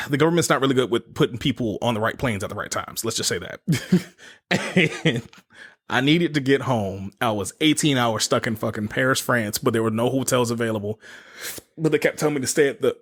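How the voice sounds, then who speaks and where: A man's voice: medium pitch, brisk, a bit bright. A man in his thirties hosting a podcast, telling stories casually, swearing freely and laughing between phrases. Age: 30s. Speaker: podcast host. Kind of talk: casual storytelling chat.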